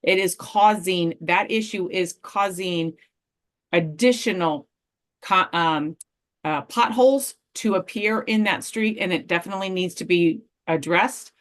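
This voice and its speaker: A woman's voice: lowish voice, a little slow. A woman speaking as a resident during public comment at a city meeting, earnestly airing a frustrated complaint.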